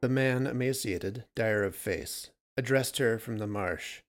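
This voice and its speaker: A man's voice: medium pitch, measured pace, hardly any pauses. Man narrating a short story. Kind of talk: reading a short story aloud.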